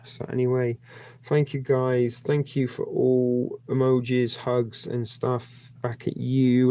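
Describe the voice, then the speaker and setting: A man's voice: mid-range voice, little pitch movement, unhurried, dark tone. A man hosting a live stream, rambling and joking as he thanks viewers and signs off. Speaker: livestream host. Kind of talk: casual live-stream sign-off.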